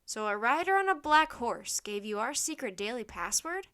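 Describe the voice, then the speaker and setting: Brief: stern centurion, barking loud questions, read by a woman, bright and high. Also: very animated, moderate pace, clean tone. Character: stern male Roman centurion officer, barking.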